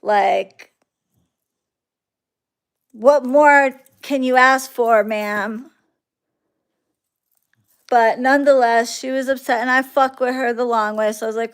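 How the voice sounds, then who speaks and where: A woman from Florida talks to her clients in a casual storytelling monologue. Her voice sits a little high. She is blunt and animated, and she swears freely whenever she gets exasperated. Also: takes it slowly, pauses often, smooth. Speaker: spiritual practitioner talking to clients.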